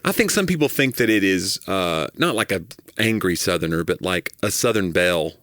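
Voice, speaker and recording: A man's voice: sits low, animated, normal speed, fairly bright tone, dry recording, studio quality. A man from the American South, a comedian co-hosting a podcast, talking in a playful, punning, wry way. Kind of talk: casual podcast chat.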